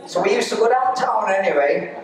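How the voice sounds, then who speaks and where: An Irish man doing live stand-up storytelling in an arts centre, animated and laughing at his own jokes. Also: high-pitched, a little fast, a crowd in the background. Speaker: stand-up comedian. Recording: echoey hall, distant mic.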